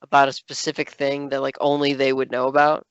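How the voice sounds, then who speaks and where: A man's voice: mid-range voice, completely flat delivery, a little fast, a bit bright, smooth, no room sound, lo-fi sound. A man co-hosting a podcast, chatting casually and telling stories animatedly, with many fillers. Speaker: podcast co-host. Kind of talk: casual chat.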